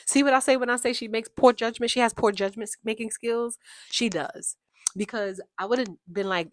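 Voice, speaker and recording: A woman giving a casual, opinionated recap of a reality TV show, with chatty, animated asides. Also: a little high, a little fast, dry recording.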